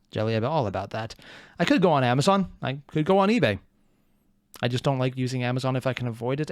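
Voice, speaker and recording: A man hosting a reaction video, talking in a rambling, excitable way with joking asides. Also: medium pitch, dry recording, studio quality. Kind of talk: casual reaction commentary.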